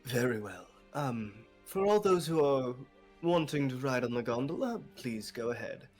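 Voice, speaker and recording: A man's voice: mid-range voice, lively intonation, normal speed, faint music behind, close to an everyday voice. Courteous male gondola attendant, put on by a man, businesslike and polite. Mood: announcing. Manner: courteous, service-like.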